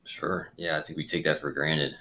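Man, American accent, very low voice, friendly casual interviewer. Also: little pitch movement, normal speed, sharp tone. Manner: friendly, laughs along, short acknowledgements. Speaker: podcast host interviewer.

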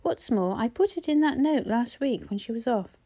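A thick, husky mother, middle-aged and sullen, who snaps and screeches at anyone who crosses her, as a female narrator puts her on. Her voice pushes high and loud above the reader's own mellow tone. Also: expressive, normal speed. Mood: hostile. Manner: shrill, aggressive screech. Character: hostile middle-aged mother, chain-smoking, bullying.

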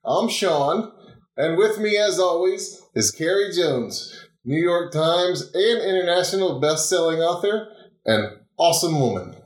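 A man's voice: a little high, lively intonation, a little slow, echoey room. A man hosting a casual podcast, easygoing, reacting with short remarks and laughs. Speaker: podcast host. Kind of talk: casual chat.

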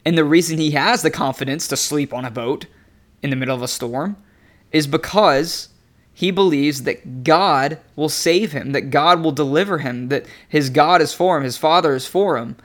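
A man giving a casual devotional teaching, talking in an animated, conversational way and laughing often. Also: fairly high pitch, moderate pace. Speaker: preacher.

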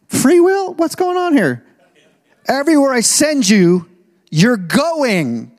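A male pastor preaching a sermon, emphatic, slowing right down to stress key phrases and swinging from low and measured to loud and rising. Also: big pitch swings. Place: church auditorium. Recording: long reverb in a large hall.

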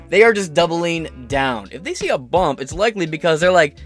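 A man's voice: on the high side, animated, a little fast, hardly any pauses, soft background music. A man hosting a podcast, giving sarcastic, profane and rambling commentary on the news. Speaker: podcast host.

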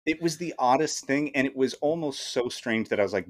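Male podcast co-host, mid-pitched, incredulous, reads from his notes. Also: animated, brisk. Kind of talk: casual movie-riffing chat.

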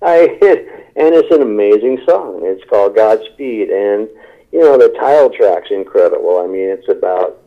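A rock singer, a man, rambles with enthusiasm in a casual interview, restarting his sentences and filling gaps with "you know". His voice sits fairly low. It comes through a thin, tinny phone line. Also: lively intonation, moderate pace.

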